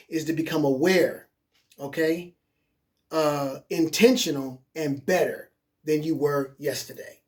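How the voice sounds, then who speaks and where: A man's voice: fairly high pitch, darkish tone. A man giving a coaching webinar in a casual, encouraging way, who repeats points and keeps checking in with "okay?". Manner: casual, encouraging, plain-spoken. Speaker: life coach.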